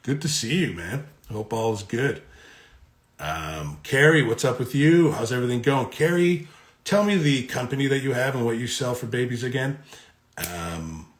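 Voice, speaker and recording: A man's voice: medium pitch, lively intonation, moderate pace. A middle-aged man from Connecticut with a New York accent. He is an actor chatting on a live autograph stream, reading fan comments aloud and answering them in a friendly way. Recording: roomy echo.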